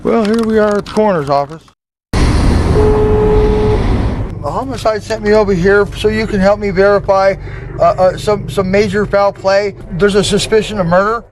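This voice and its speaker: Halting, stammering man. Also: high voice, steady tone, background noise. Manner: halting, repeats words and restarts often. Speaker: channel host. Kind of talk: casual chat and phone calls.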